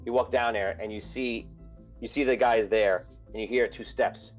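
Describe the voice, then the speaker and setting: A man's voice: medium pitch, fairly even intonation, normal speed, faint music behind, poor audio. A man running a tabletop game as game master, narrating loosely with lots of restarts.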